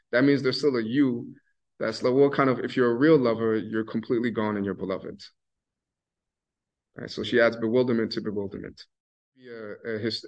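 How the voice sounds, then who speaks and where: A man explaining classical poetry in a relaxed, conversational way, with frequent restarts and livelier bursts when he quotes. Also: on the low side, muffled recording. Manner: conversational, many restarts and fillers, animated when quoting. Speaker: scholar explaining Sufi poetry. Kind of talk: casual lecture-style explanation.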